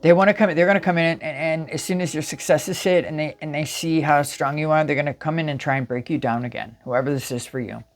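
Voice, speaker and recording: A woman's voice: low voice, fast talker, hardly any pauses. A woman giving a casual spiritual tarot reading straight to viewers, emphatic and repetitive. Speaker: tarot reader.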